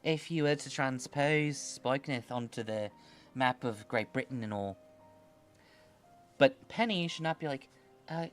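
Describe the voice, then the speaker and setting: A man's voice: medium pitch, animated, unhurried, long pauses, soft background music. A man streaming a video game, chatting casually with sarcastic asides and frequent opinions from a desk microphone at home. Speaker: streamer, VTuber. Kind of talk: let's-play commentary.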